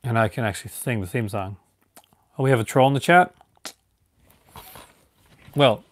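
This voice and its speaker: A man from Newfoundland, Canada, chatting casually on a live stream and rambling through restarts and fillers. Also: mid-range voice.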